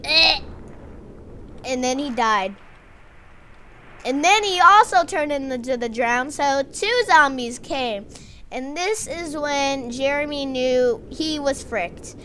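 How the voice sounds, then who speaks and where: Lady narrating her game story, slow, dramatic, faint room hum. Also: high voice. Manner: excited storytelling, doing dramatic voices for the characters.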